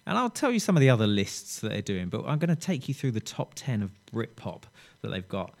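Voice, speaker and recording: A man's voice: medium pitch, big pitch swings, fairly quick, vocal fry, darkish tone. A middle-aged man presenting a music radio show in a chatty, rambling way, often breaking off mid-thought. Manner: chatty, rambling, self-interrupting. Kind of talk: casual radio chat.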